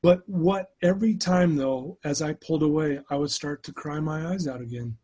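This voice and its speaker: A man's voice: a little high, normal speed, warm tone, husky. A middle-aged man, a podcast guest, telling a personal story in an earnest, emotional way, often restarting his sentences.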